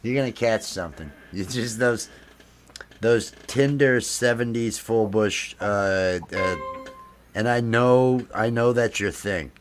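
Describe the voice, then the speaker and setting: A man's voice: lowish voice, slow pace, over music. A man hosting a casual late-night stream, rambling and playful. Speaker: stream host.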